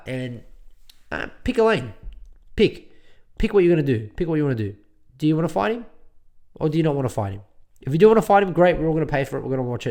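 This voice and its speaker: A man's voice: medium pitch, a little mellow. A man hosting a solo sports podcast, rambling and repeating himself as he rants through his opinions. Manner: rambling, repeats words, ranting. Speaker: podcast host.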